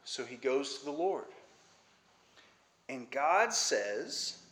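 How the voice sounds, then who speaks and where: A man's voice: medium pitch, very animated, slow pace, fairly bright tone. A man teaching the Bible in a casual, conversational way, asking rhetorical questions. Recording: roomy echo.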